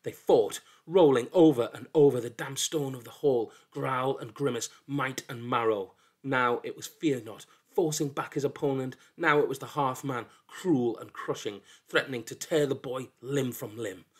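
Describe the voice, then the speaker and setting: Husky guy reading a folk tale out loud, super expressive, voice dips low and hushed then rises. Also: moderate pace, few pauses. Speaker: storyteller. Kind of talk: dramatic storybook narration.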